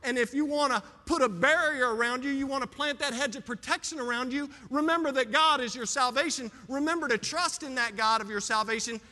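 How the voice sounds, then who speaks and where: Hoarse pastor guy preaching, swings loud to soft, big echoey hall. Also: extremely high pitch, brisk, hardly any pauses. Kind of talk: sermon.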